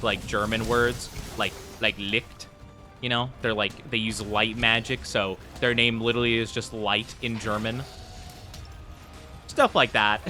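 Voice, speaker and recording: A man's voice: mid-range voice, pushed and bright. A young man chatting casually with his live-stream audience while gaming, rambling with lots of fillers. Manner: rambling, filler-heavy, friendly with chat. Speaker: streamer playing a game.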